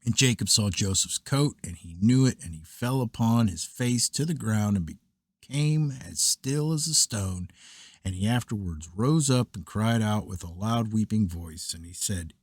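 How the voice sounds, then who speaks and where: A man reads old scripture aloud in a measured, solemn way. His voice sits low and carries a husky edge. The sound is dry and close, with no room around it. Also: expressive, no room sound. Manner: measured, solemn reading of archaic text. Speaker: scripture reader.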